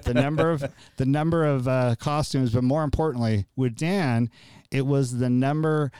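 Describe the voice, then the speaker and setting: Upbeat male podcast host, crisp voice, joking casual delivery. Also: mid-range voice, steady tone, moderate pace, a little mellow, no room sound. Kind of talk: casual chat.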